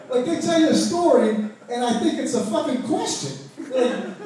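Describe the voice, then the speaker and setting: A man's voice: very high voice, animated, a little fast, mellow. A man from Ohio doing a crude, profane stand-up set on a comedy club stage, putting on mocking voices for the people in his jokes. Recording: very echoey club audio from far off.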